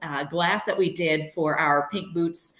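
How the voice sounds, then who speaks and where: A woman head brewer joining a stream as a guest over a video call, talking in a relaxed, rambling way. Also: low-pitched, measured pace. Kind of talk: casual interview chat. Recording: roomy video call audio.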